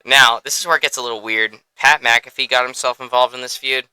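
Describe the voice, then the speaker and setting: Excitable man with a bright, crisp voice. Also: mid-range voice, a little fast, no echo, low-quality recording. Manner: excitable, profane, laughs often. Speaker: podcast host. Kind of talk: casual podcast chat.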